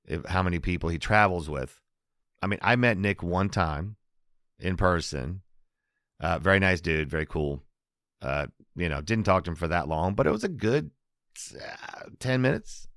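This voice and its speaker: A man's voice: low-pitched, normal speed, fairly bright tone, dry recording, clean studio sound. A man hosting a casual comedy podcast monologue, rambling, restarting sentences and laughing at his own jokes. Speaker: podcast host.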